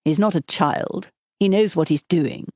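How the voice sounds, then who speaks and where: A woman's voice: on the low side, measured pace, mellow, dry recording, clean studio sound. A woman voicing a charming, teasing husband in his thirties for an audiobook, speaking in a light, playful and affectionate way. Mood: dry.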